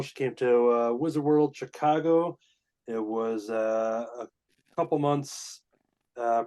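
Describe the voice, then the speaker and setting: A man telling a story in relaxed, casual chat among friends. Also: medium pitch.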